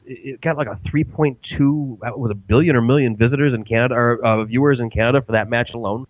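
A man's voice: medium pitch, fairly even intonation, fast, few pauses, dry recording, narrow, tinny audio. A man from the United States co-hosting as a guest on a radio show, chatting casually with a wry, easygoing manner. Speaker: guest co-host.

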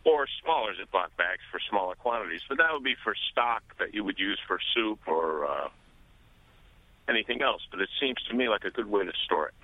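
A man's voice: lowish voice, expressive, fairly quick, no echo. Man caller on tinny phone line. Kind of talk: phone-in call.

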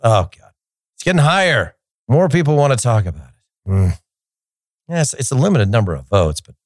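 A man's voice: fairly low pitch, no room sound, clean studio sound. A man hosting a soccer talk show, rambling in casual solo commentary with frequent restarts.

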